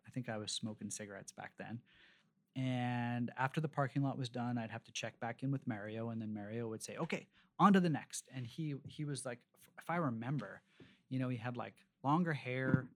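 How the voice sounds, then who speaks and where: A man in his forties, a restaurateur from Canada, telling long rambling stories in a casual interview, with plenty of fillers and restarts. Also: mid-range voice. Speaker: restaurateur guest.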